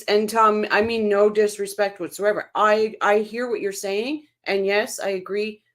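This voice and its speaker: A woman hosting a casual true-crime livestream, reading viewer comments aloud and reacting to them in a chatty way. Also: mid-range voice. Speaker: livestream host reading chat.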